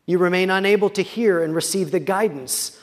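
A man preaching a sermon as a pastor, reading scripture slowly with quiet, dramatic pauses. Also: sits high, big-room sound.

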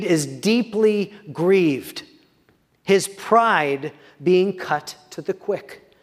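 A man with a high voice delivers a sermon from the pulpit. He reads scripture slowly, dropping into quiet, dramatic pauses. His voice carries a long reverb from a church sanctuary. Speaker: pastor.

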